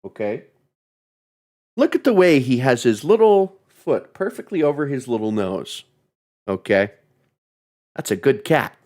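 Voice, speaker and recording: Lively, profane male game streamer. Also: mid-range voice, a little slow, pauses often. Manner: profane, joking, mocks the text he reads aloud. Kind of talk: casual game commentary.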